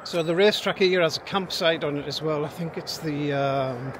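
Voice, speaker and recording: A man's voice: a little high, moderate pace. A man chatting casually while walking outdoors, a little out of breath and chuckling as he goes. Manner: chatty and self-amused, chuckling often. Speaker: vlogger. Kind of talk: casual walking vlog chat. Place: outdoors beside a busy road. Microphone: handheld camera, built-in mic. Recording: loud traffic noise outdoors.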